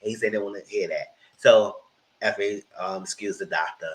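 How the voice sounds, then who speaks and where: A man's voice: lowish voice, normal speed, poor audio. A man giving a casual TV episode recap, retelling scenes animatedly with frequent restarts. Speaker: TV reviewer.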